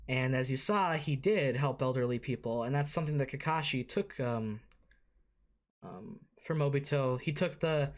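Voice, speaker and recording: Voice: medium pitch, moderate pace. An anime reaction host giving casual, rambling commentary, swearing freely and full of fillers and restarts.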